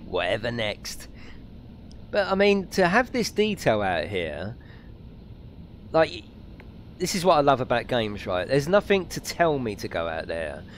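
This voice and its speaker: A man streaming a driving game, chatting excitedly with viewers and reading out their comments. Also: unhurried, pauses often, a little hiss or hum. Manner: chatty and excitable, reads out chat, lively pitch swings. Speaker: gaming streamer. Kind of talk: live let's-play commentary, chatting with viewers.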